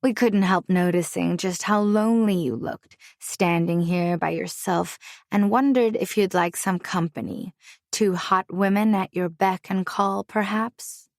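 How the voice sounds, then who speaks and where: A woman's voice: medium pitch, measured pace, dry recording, clean studio sound, lightly acted. A woman voicing a flirtatious, brash brunette at a party who talks in a crude, catty way.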